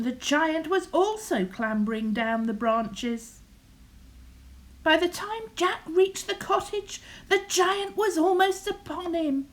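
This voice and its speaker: An older woman reading a bedtime story in a soft, often half-whispered voice. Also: sits high, poor audio.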